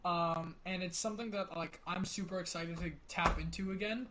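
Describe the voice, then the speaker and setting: A man's voice: high voice, fairly even intonation, normal speed, bright, forceful tone, rough recording. Young man rambling on a podcast. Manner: rambling, stammering restarts, swears casually. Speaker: podcast guest, roleplayer. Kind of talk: casual podcast chat.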